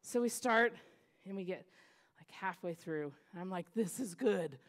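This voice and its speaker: A middle-aged woman pastor telling a lively story in a sermon, acting out children's voices and laughing often. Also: medium pitch, moderate pace, clean tone.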